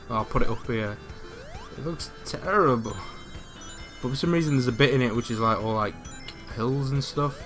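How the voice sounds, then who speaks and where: A man's voice: mid-range voice, fairly bright tone. A young man with a casual, self-mocking manner, rambling and restarting sentences as he comments on a game over a voice call. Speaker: let's play commentator. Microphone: headset on a voice call.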